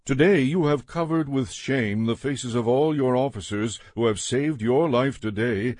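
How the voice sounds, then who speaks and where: A man's voice: medium pitch, a little mellow, dry recording, clean studio sound, natural voice. A man reading the lines of a stern male army commander who rebukes his king.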